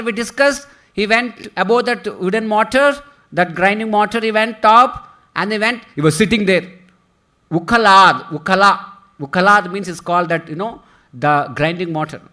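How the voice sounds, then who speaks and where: A high-pitched man preaches a devotional sermon with a bright, forceful tone. He tells the story in an animated way, chanting verses and asking his listeners rhetorical questions. At times his voice drops almost to a whisper. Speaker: spiritual teacher.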